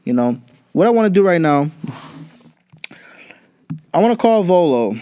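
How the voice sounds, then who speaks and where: A man's voice: high voice, sing-song, normal speed, mellow, smooth. A young man hosting a podcast, ranting bluntly and profanely in casual talk. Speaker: podcast host. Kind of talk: casual political rant.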